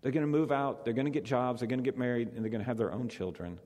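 Brief: male pastor, mid-pitched, conversational sermon with repeated phrases, long hall reverb. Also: very fast, darkish tone.

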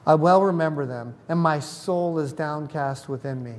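A man with a fairly high voice preaches a sermon as a pastor. He keeps it conversational, often stopping to ask the congregation questions. His voice rings out with a long hall reverb. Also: moderate pace.

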